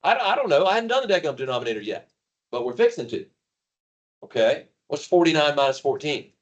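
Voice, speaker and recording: A man teaching a high school math class live, joking and calling on students by name. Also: big pitch swings, a little fast, dull audio.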